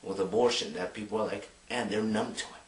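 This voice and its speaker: A young man talking to camera in a rambling, excited way, full of filler words. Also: lowish voice, a little fast. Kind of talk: casual monologue to camera. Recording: roomy, distant mic.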